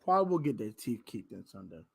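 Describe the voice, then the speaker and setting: An American man hosting a fan live stream, ranting loudly about his team's players and shouting at times. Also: on the low side, fast, vocal fry, breathy edge. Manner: loud, animated ranting, shouting and laughing. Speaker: sports fan show host. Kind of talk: heated live-stream rant.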